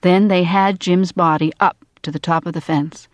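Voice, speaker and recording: An audiobook narrator reading a story in a measured, even way. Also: mid-range voice, no echo, lo-fi sound. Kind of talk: scripted narration.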